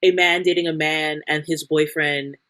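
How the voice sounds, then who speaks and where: A woman's voice: low-pitched, fairly even intonation, normal speed, crowd noise. A young woman co-hosting a podcast in casual chat, rambling and restarting her sentences. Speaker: podcast co-host.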